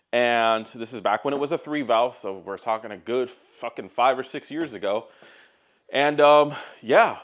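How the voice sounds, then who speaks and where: A man with a mid-pitched voice rants casually to camera about car work. He talks bluntly and swears often, with an exasperated storytelling manner. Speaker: car YouTuber.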